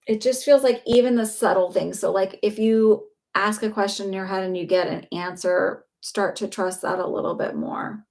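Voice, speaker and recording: A woman's voice: medium pitch, fairly even intonation, normal speed, creaky, hardly any pauses, darkish tone. Chatty woman giving a psychic reading. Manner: chatty, filler-heavy, reassuring. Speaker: psychic reader. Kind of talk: live-stream reading, casual chat.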